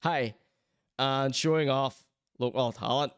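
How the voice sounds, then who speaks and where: A man putting on a Ballymena accent to read out a label owner's blurb in an upbeat, slowed, sing-song way. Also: mid-range voice, clear, resonant tone. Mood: upbeat pitch. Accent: put-on Ballymena. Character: small-town Ballymena label owner reading his own blurb.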